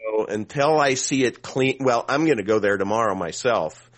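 A man co-hosting a streamed chat over a video call, animated and exclaiming, with halting restarts. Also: on the low side.

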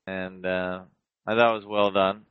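Flat-voiced man on a dull, lo-fi line. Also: low voice, unhurried, smooth, no echo. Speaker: radio show host. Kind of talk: casual radio chat. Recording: dull, lo-fi, dry.

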